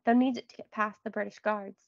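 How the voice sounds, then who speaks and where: A woman voicing a caring, worried colonial mother who speaks gently and softly. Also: medium pitch, steady tone, fairly quick, gravelly, dry recording, lo-fi sound, close to an everyday voice. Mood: gentle.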